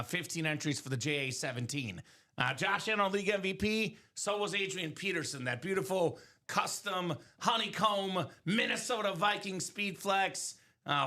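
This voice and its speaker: A man hosting a live sports memorabilia break stream from a studio break room, talking in upbeat, energetic sales banter with quick asides. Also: high voice.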